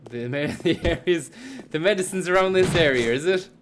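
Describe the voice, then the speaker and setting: A man's voice: on the high side, moderate pace, background noise. A young man, tired and yawning, commenting on a game as he plays and cursing freely while thanking viewers by name. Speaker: streamer. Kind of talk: live gameplay commentary.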